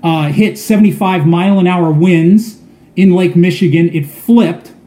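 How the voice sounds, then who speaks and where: A man's voice: high-pitched, a little slow, dark tone. A man preaching a sermon, telling a story earnestly and often repeating words as he goes. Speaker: pastor. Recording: echoey room.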